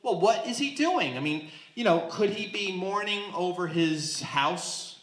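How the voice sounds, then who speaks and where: A man leading a Bible study as pastor, teaching in an animated way and acting out the voices in the text to his group. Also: high-pitched, measured pace. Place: church hall with a small group. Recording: echoey room.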